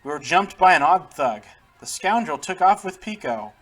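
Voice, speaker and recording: A man putting on a fretful, high-voiced game character. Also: lively intonation, normal speed, fairly bright tone, faint music behind. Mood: upset. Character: fretful man whose pet was stolen.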